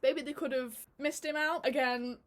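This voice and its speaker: A woman's voice: sits high, steady tone, moderate pace, a bit bright. Chatty woman reviewing casually. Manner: chatty, laughing often, with many fillers and restarts. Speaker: YouTube reviewer.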